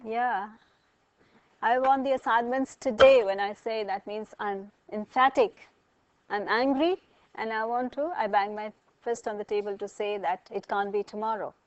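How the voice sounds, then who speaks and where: A woman's voice: mid-range voice, fairly even intonation, normal speed, no echo, muffled recording. A woman lecturing a college class, asking students questions and explaining with everyday examples.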